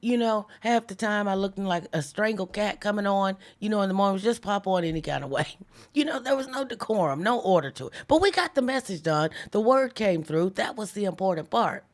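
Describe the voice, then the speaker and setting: A woman hosting a live devotional stream, talking casually with viewers and slowing down to stress key lines. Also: mid-range voice, lively intonation. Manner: chatty, reads viewer comments aloud, slows down for emphatic lines. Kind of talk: casual livestream devotional preaching.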